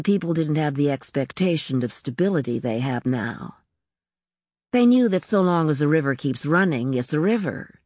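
Woman audiobook narrator, low voice, measured and reflective, dry close recording. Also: darkish tone, dry recording. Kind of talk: scripted narration.

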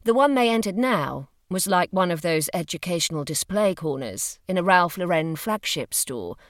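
Scripted narration of a novel comes from a woman whose lowish voice is expressive and full of lively intonation. She reads at normal speed, and the studio-quality audio has no room sound.

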